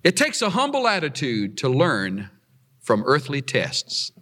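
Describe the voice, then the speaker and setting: A male preacher delivering a sermon at an unhurried pace, his voice swooping up and down with animated emphasis. He reads passages aloud, then explains them, often pushing his pitch high on key words. A long reverb trails his voice as if in a large hall.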